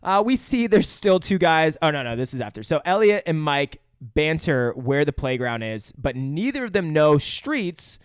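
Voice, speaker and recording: A man's voice: a little high, very animated, moderate pace, few pauses, smooth, no echo, studio quality. A young man co-hosting a podcast, recapping a movie in casual chat, swearing and acting out lines. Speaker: podcast co-host.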